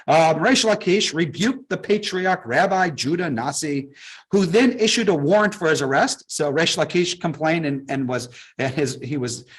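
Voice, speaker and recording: A man's voice: fairly high pitch, normal speed, slightly rough, low-quality recording. A man, a rabbi, giving a casual, joking teaching talk to his congregation. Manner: conversational, joking asides to congregants.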